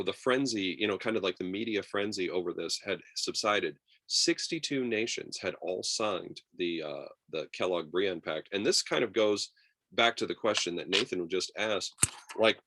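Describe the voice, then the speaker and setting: Low-voiced man teaching history over video. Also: dry recording. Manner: lively, acts out quotes in raised voices, many fillers. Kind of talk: online class lecture. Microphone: video call.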